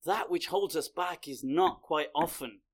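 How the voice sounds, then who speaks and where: A male religious lecturer talks to his audience in a loose, conversational way. His voice sits a touch high, and he tells stories with lively energy before drawing out his point. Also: unhurried. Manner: conversational, animated storyteller. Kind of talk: lecture with storytelling.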